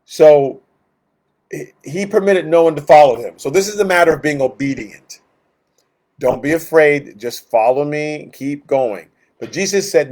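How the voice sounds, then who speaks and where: A man leading an informal Bible study, his voice sitting a little higher than most men's. He talks the passage through conversationally, with lots of filler words, and acts out the voices of the people in the story.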